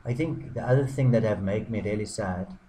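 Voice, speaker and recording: Deadpan sarcastic man, halting speech. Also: lowish voice, a little hiss or hum, poor audio. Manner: deadpan irony, halting with many ums and restarts. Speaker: blogger. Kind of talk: sarcastic mock apology to camera.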